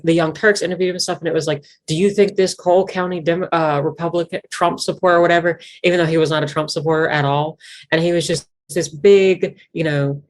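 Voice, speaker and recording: A woman with a Virginia foothill Appalachian accent, chatting as an interview guest and rambling through many fillers and restarts. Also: low voice. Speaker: guest musician. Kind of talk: casual interview chat.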